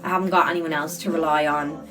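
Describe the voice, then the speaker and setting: A woman's voice: low-pitched, fairly even intonation, fast talker, a bit bright, faint music behind. Earnest, chatty young woman. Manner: chatty, earnest, repeats words for emphasis. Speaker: livestreamer and podcast host. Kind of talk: casual livestream chat, reading viewer comments.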